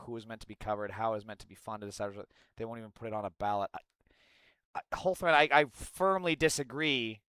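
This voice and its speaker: A man's voice: mid-range voice, a bit bright, clear, resonant tone, dry recording. A man streaming live, reacting to a clip and reading chat aloud, blunt and often profane. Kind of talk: casual live-stream commentary.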